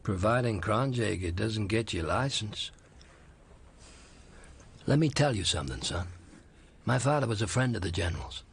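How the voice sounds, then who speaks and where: A man's voice: lowish voice, animated, moderate pace, pauses often, slightly rough. An actor playing a stern, fatherly older law officer in a 1940s-style radio drama, who talks bluntly and lectures.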